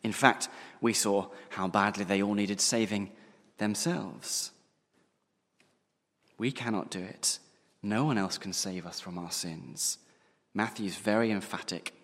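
A man delivers a sermon in a lowish voice, leaning hard on single words and slowing down to drive each point home. His voice carries a long reverb, as if recorded in a large church hall. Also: fairly bright tone. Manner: emphatic, slowing down to stress key words. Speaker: preacher.

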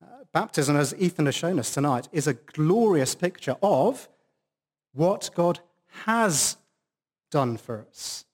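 A man's voice: a little high, expressive, slow pace. A man preaching a sermon at a church service, stressing key words for emphasis.

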